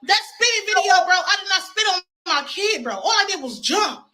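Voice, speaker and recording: A woman's voice: extremely high pitch, sing-song, fairly quick, bright, forceful tone, low-quality recording. A woman on a livestream ranting defensively against rumors, indignant and full of cursing. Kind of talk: profane livestream rant.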